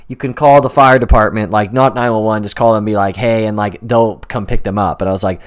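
A man in his late twenties, a podcast co-host, telling a story in a lively, profane way and acting out every character. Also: on the low side, fast. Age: 20s. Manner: animated storyteller, swears, acts out both sides. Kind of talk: casual podcast chat.

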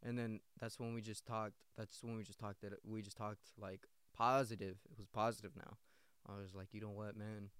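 A man's voice: on the low side, flat delivery, normal speed, a bit bright, smooth, no echo. Young man rambling through a story. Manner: rambling and profane, full of slang and restarts. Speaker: podcast host. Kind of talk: casual storytelling.

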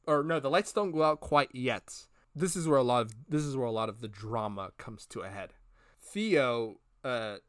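A man's voice: medium pitch, no echo, studio quality. A man co-hosting a podcast, retelling scenes in a rambling, casual way and acting out the characters' lines. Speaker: podcast co-host. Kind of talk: casual review chat.

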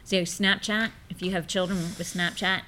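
Middle-aged woman, host, bright voice, upbeat leading questions, speaks straight to listeners. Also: lowish voice, steady tone, normal speed, a little hiss or hum. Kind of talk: casual faith talk.

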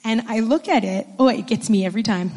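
A woman's voice: on the high side, fast, darkish tone, long reverb tail. A woman preacher telling a personal story during a sermon, emotional and tearful.

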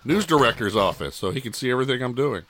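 A man's voice: mid-range voice, expressive, fast talker, a bit bright, slight background noise. A man co-hosting a casual chat, self-deprecating and chuckling.

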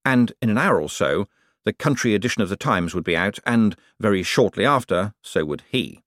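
A man reads a comic fantasy audiobook with wry, expressive storytelling. His voice is on the low side but lively in its pitch. The recording is dry and close, with no room sound. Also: moderate pace, no room sound. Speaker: audiobook reader. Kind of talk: audiobook narration.

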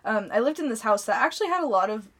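A woman's voice: a little high, animated, racing, fairly bright tone. A young woman co-hosting a podcast, telling stories in a loose, rambling way full of "like.". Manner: rambling storyteller, heavy on filler "like". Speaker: podcast co-host. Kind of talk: casual podcast chat.

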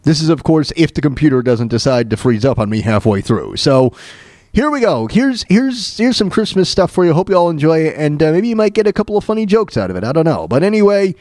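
A man's voice: fairly high pitch, sing-song, brisk, a little mellow, no echo, studio quality. A male host casually introducing a set of comedy clips, loose and hesitant with fillers. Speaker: radio show host.

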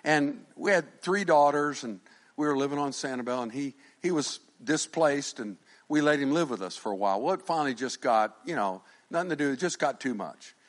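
A middle-aged male pastor preaching a sermon, animated, swinging from shouted lines to quiet asides and joking with the congregation. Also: medium pitch, brisk. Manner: jokes with the congregation.

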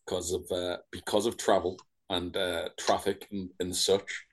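A man with a very low voice chats casually as a podcast co-host. He jokes dryly and trips over fillers as he talks. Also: little pitch movement, unhurried. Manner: dry, joking, hesitant with fillers. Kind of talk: casual chat.

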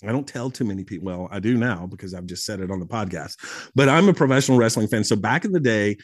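A man in his forties, a guest on a podcast, telling stories in a casual, animated way with frequent restarts and easy laughter. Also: on the low side, fast talker, no echo, clean studio sound. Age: 40s. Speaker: podcast guest, public speaker. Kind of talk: casual storytelling conversation. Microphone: podcast studio microphone.

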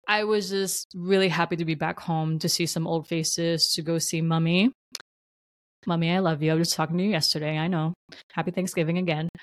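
Low-pitched and warm, this New Jersey podcast host chats her way through casual reflections, laughing often and rambling with lots of fillers. The sound is clean studio audio without room sound.

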